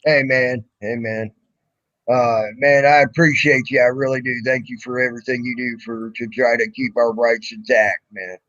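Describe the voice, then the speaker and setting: A man's voice: medium pitch, moderate pace, no echo, highs cut off. A man hosting a livestream, telling a story in a loose, profane way and acting out the other people in it. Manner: profane, animated, acts out quoted voices. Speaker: livestream host. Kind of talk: casual storytelling chat.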